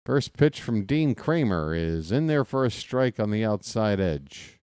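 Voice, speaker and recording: Deep smooth-voiced man doing rambling baseball commentary. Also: sing-song, a little slow, darkish tone, dry recording, studio quality. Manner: rambling, jokey, talks to chat viewers. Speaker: play-by-play streamer. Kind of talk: casual baseball commentary with chat.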